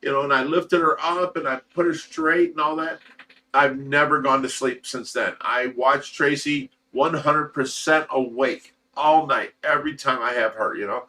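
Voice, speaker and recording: A man's voice: medium pitch, steady tone, moderate pace, sharp tone, far from the mic. A man hosting a casual livestream, talking in an emotional, rambling way with repeated words and swearing. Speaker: host of a fish rescue livestream.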